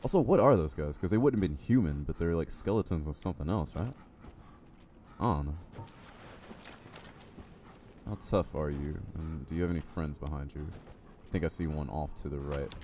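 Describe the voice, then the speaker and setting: A man's voice: rumbling low, fairly quick, dark tone, a little hiss or hum. A man streaming a game live, chatty and jokey, reacting to the game and talking to his chat. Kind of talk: live gameplay commentary.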